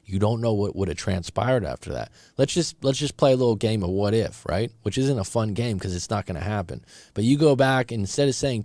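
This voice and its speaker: A middle-aged breakup coach hosting a live stream talks briskly with few pauses, his lowish, darkish voice full of lively intonation and free of room sound. Reacting to a viewer's story, he gives blunt, conversational advice, calls the listener bro, and frequently repeats and restarts.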